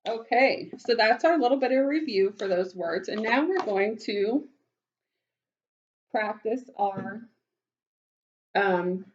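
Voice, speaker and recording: A woman teaching a phonics lesson to young children, speaking slowly and warmly, praising them often and sounding out words. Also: fairly high pitch, animated, dull audio. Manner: slow, encouraging, praising often. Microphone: webcam.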